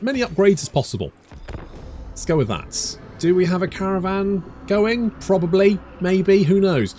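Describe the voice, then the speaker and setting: A man's voice: fairly high pitch, big pitch swings, normal speed, darkish tone. Gamer guy rambling thru a strategy game, voice jumps up and down a lot, little bit of hiss behind. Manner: rambling, chatty, wanders off on tangents; thinks aloud and mutters to himself while playing. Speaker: gaming YouTuber. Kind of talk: let's play commentary.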